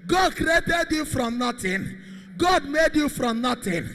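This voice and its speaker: A man, a Catholic priest, leading prayer with shouted, repetitive declarations. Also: extremely high pitch. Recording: long hall reverb.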